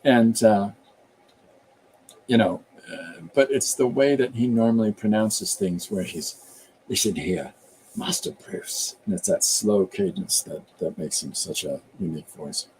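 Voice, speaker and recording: A man's voice: on the low side, a little slow, darkish tone, a little hiss or hum, rough recording. A man chatting casually and rambling while he draws on a live stream. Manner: rambling and chatty, slips into voices. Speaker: artist streaming while drawing.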